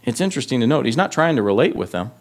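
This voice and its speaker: A man preaching a verse-by-verse sermon at an everyday middle pitch. He reads scripture with mounting intensity and turns to speak plainly to his congregation. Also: sing-song, racing. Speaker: pastor. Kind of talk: expository sermon.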